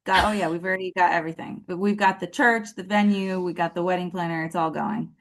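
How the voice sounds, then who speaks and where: A woman in her thirties guesting on a podcast, telling her story in a rambling, earnest way full of fillers and restarts. Her voice sits on the low side for a woman. She speaks casually and sincerely about being grateful to her coach. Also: fairly even intonation, fast. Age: 30s.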